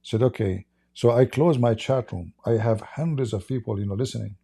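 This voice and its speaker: A man hosts a livestream and tells a long story in a loose, rambling way, acting out each side of the exchange. His voice is very dark and mellow, with a gravelly edge and a husky grain. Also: mid-range voice, fairly quick. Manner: rambling, acts out quoted dialogue. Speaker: livestream host. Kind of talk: casual storytelling monologue.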